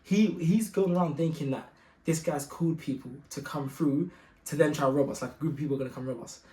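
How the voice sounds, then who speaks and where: Slangy young man telling a story. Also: quick pace. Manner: slangy, acts out voices, gets loud and high when excited. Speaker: guest telling his story. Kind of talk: animated storytelling. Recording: echoey room.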